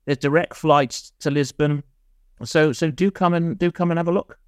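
A man's voice: a little high, steady tone, normal speed, smooth, no echo, studio quality. Rambling man telling stories. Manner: rambling, self-mocking, many restarts. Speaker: podcast guest, insolvency consultant. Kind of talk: casual storytelling chat.

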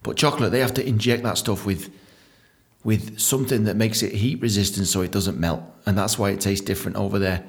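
A man's voice: brisk, vocal fry. A young man, telling a rambling, profane comic story as a podcast host. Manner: profane, animated storytelling with sudden high-pitched voices.

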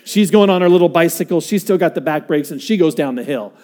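A man preaching a sermon, earnest and dynamic, dropping to a hush and then rising to emphatic points as he tells stories. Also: a little high, fast talker. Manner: dynamic, swinging from hushed to emphatic; earnest storytelling with acted-out quotes. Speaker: pastor.

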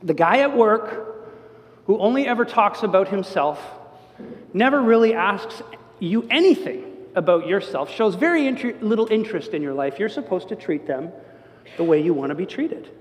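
Animated high-voiced man preaching. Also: normal speed. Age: older. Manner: animated storytelling, acts out quotes. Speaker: pastor. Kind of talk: sermon. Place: church sanctuary. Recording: long church reverb.

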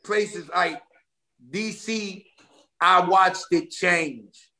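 D.C.-male rapper guest, bright and forceful, animated storyteller. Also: high-pitched, very slow. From Washington, D.C. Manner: animated, streetwise storytelling with slang. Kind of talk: casual podcast interview.

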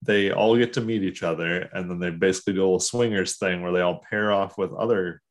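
Podcast co-host, male, very low voice, rambling casual storyteller. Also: steady tone, fast talker. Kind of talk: casual chat.

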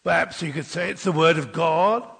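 A man's voice: on the high side, normal speed, creaky, a bit bright, slightly rough, in a large hall. An older man preaching an Easter sermon, rousing and leading the congregation in call-and-response.

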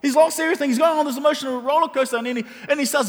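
A man's voice: extremely high pitch, very fast. A man preaching a sermon, talking animatedly and conversationally, often restarting his sentences. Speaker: pastor. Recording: hall with long reverb.

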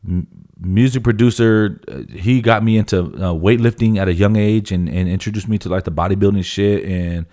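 Deep voiced dude rambling on a podcast, cussing a lot, bro this bro that. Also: male voice, normal speed, dark tone. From California. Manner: profane, emphatic storytelling, says "bro" constantly. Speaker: podcast guest. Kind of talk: casual podcast chat.

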